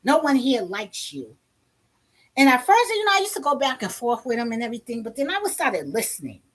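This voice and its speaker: A woman vlogger telling a personal story in a casual, blunt, animated way, with some profanity. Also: high-pitched, fast talker.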